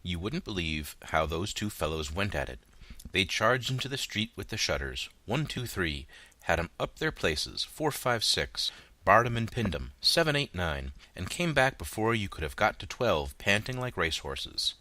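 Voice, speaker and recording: A man narrating a classic novel as an audiobook, with an expressive, dramatic reading. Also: low-pitched, normal speed, dry recording.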